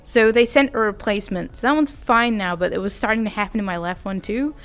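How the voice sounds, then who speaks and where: A woman's voice: mid-range voice, a little fast. A young adult woman vlogging in a casual, rambling, self-deprecating chat with giggly asides. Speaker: vtuber vlogger.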